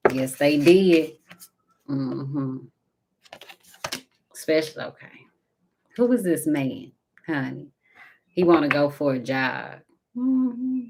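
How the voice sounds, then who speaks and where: A woman giving a casual spiritual tarot reading, talking intimately to viewers and calling them baby and honey, sometimes dropping to a soft whisper. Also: rumbling low, noisy background. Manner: intimate and chatty, calls listeners baby and honey. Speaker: tarot card reader.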